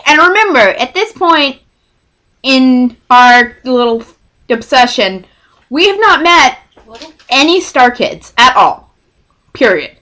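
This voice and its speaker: A young woman from Texas telling a storytime vlog, rambling and excitable, often cutting herself off mid-sentence. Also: high-pitched, measured pace, long pauses. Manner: rambling, self-interrupting, excitable. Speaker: vlogger.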